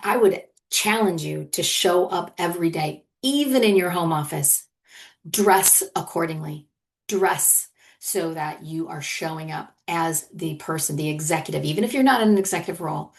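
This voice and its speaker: A middle-aged woman, a leadership coach and podcast host, teaching in an earnest, encouraging conversational monologue and often checking in with "right?". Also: fairly low pitch.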